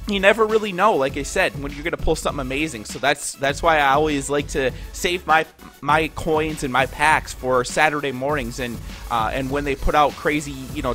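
Stuffy nasal young guy from minnesota yakking thru a pack opening, highish bright voice, faint music under it. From Minnesota, USA. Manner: casual, chatty, addresses viewers as guys. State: congested, nasal. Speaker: gaming YouTuber.

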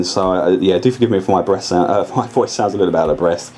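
A man's voice: lowish voice, animated, quick pace, hardly any pauses, dark tone. A man narrating a scale-model tutorial in a casual, chatty way, often restarting and correcting himself as he explains. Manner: rambling, chatty, self-correcting, with many restarts.

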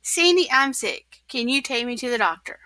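A woman reading a storybook aloud and voicing an eager, helpful female squirrel who talks quickly. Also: high-pitched, very animated, sharp tone, dry recording, full character voice.

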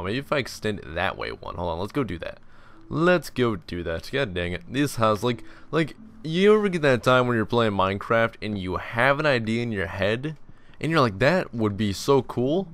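A man's voice: lowish voice, fairly bright tone, clean tone. Rambling, tired young man gaming. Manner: rambling, self-deprecating, jokey asides. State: tired, yawning. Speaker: gaming channel host. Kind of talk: casual Let's Play commentary.

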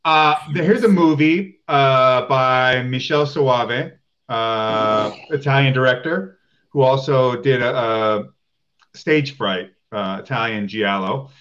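A man's voice: medium pitch, takes it slowly, fairly bright tone, dull audio. A man guesting on a casual chat, explaining films with frequent hesitations. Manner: film-buff explaining, with hesitations.

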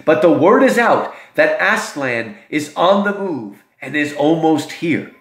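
A man voicing an excitable, kindly male talking beaver, eager and emphatic, his voice jumping up to near-shouts. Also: a little high, a little slow. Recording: roomy echo.

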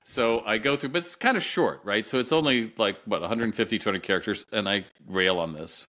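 A middle-aged man tells a story to an interviewer in a low voice that still has a bright, forceful edge. He slips in and out of the voices of the people he quotes and keeps the telling lively. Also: brisk. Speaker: guest retail consultant.

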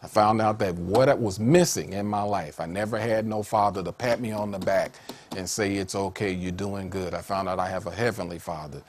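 A man a sermon in an animated way, laughing often and rising to high excited calls. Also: normal speed, a little hiss or hum. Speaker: preacher.

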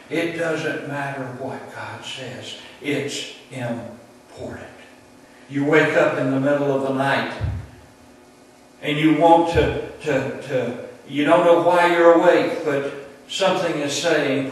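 A male preacher delivers a sermon at an unhurried, measured pace, pausing between phrases for effect. His voice carries through a strongly reverberant room, picked up from some distance by the mic. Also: medium pitch, a little hiss or hum. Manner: slow, deliberate storytelling with dramatic pauses. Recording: very echoey room, distant mic, faint ambience.

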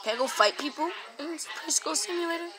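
A man's voice: very high-pitched, fast talker, noisy background. A young man in casual, teasing banter with a friend while she plays a game. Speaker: friend off to the side.

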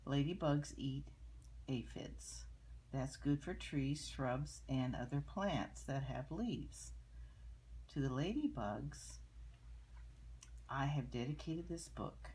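An older woman with a very low, husky voice reads a picture book aloud to children. She speaks slowly and gently, stopping to explain the pictures. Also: lively intonation. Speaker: storyteller reading to children.

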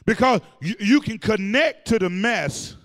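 A male pastor preaching a sermon, calling out to the congregation and breaking into shouted and sung phrases. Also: high-pitched, expressive, measured pace, long reverb tail. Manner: call-and-response preaching, shouting and singing phrases. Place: church sanctuary.

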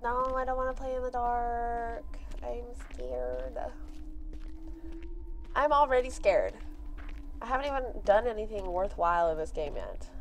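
A woman's voice: fairly high pitch, expressive, measured pace, long pauses, slight background noise. A young woman streaming a horror game, talking to her viewers, often frightened, sighing, whispering and yelping. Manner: jumpy, yelps and screams, talks to viewers; frightened running commentary with sighs and whispers. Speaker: gaming streamer. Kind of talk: live horror game commentary. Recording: game music playing behind.

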